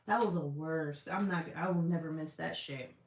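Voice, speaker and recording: Woman, livestream chat, candid and chatty, swears a lot, lowish voice, echoey room. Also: moderate pace. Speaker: livestream host. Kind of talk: casual chat. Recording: roomy echo.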